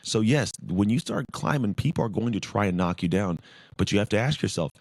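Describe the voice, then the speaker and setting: A man's voice: fairly low pitch, lively intonation, fairly quick, dry recording. A man speaking as a podcast guest, former pro football player, talking intensely and emphatically in repeated lists. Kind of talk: casual interview talk.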